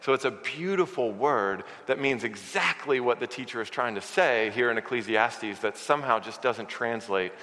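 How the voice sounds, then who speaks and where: Male pastor, lively conversational sermon, punchy bright tone, long hall reverb. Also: mid-range voice, normal speed, hardly any pauses. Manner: animated, conversational teaching with humor. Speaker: preacher.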